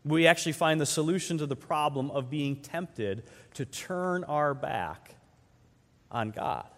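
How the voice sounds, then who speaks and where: A man preaching as pastor, his voice sitting a little high for a man. He speaks conversationally, firing off rhetorical questions and swinging between loud emphasis and slow, hushed lines. A long reverb trails each phrase through the large hall. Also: expressive. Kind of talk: sermon.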